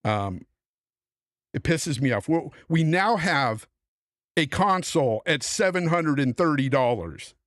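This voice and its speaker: A man's voice: a little high, animated, slow, a bit bright, dry recording, studio quality. A middle-aged man hosting a podcast panel, on a heated, profane rant about the industry. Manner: angry, profane, emphatic ranting. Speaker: podcast host.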